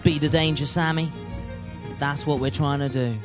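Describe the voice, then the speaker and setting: Brief: young male streamer, slightly high voice, loose jokey chatter with casual swearing, faint music underneath. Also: steady tone, moderate pace. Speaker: game streamer. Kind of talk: casual live-stream gaming commentary.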